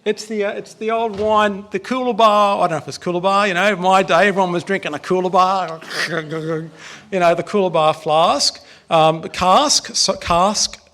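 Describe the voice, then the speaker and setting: An Australian man gives a relaxed sermon in a church, talking straight to the congregation and trading jokes with them. His voice sits high and has a gravelly edge. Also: moderate pace. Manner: chatty, joking with the congregation. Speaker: preacher. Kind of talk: casual sermon.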